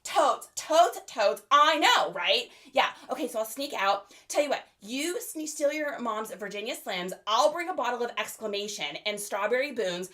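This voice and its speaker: A woman's voice: on the high side, expressive, normal speed, few pauses, a bit bright. A woman voicing a dramatic 1980s teenage girl who gossips on the phone in valley-girl slang. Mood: gossipy.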